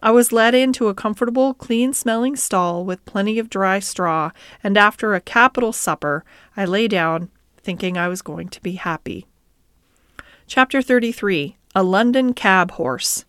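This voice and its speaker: A woman reading a classic novel aloud as scripted narration, in a gentle, even storytelling manner with lightly voiced dialogue. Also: medium pitch, moderate pace, clear, resonant tone, no room sound, studio quality. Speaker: audiobook reader.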